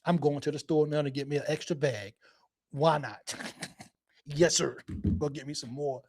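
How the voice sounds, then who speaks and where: A man's voice: fairly high pitch, steady tone, normal speed, a little mellow. A man hosting a live fan show, chatting casually and rambling, repeating himself and laughing often. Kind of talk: casual live-stream chat.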